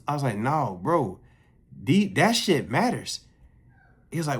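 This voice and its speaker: A young man telling a casual story, profane and animated, jumping his voice up high when he quotes others. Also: unhurried, pauses often, husky.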